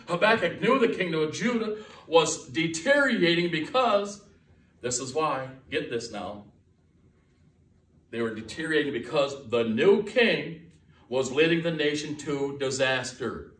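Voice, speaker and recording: A man's voice: on the high side, animated, measured pace, fairly bright tone. A man preaching a sermon as guest pastor, emphatic and folksy, repeating his key lines for weight. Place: church sanctuary. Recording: echoey church from far off.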